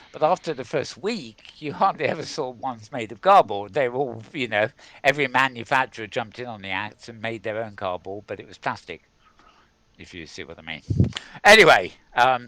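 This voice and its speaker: A man's voice: mid-range voice, bright, forceful tone, no echo. A man hosting a casual tech news show, rambling and chuckling as he goes. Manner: rambling, chuckling, self-mocking.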